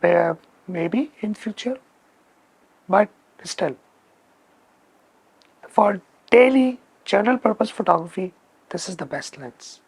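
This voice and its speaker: Gravelly, slow-talking man. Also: sits high, lively intonation, no echo. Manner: emphatic, repeats words for stress. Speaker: photography channel host. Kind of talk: casual spoken lens review.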